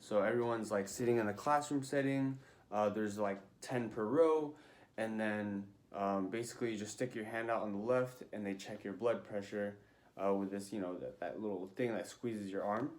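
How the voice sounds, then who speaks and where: A man's voice: fairly low pitch, normal speed. A young man telling a story in a casual vlog, chatty and full of fillers, acting out what people said. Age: young adult. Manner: chatty, many fillers, acts out quotes. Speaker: vlogger.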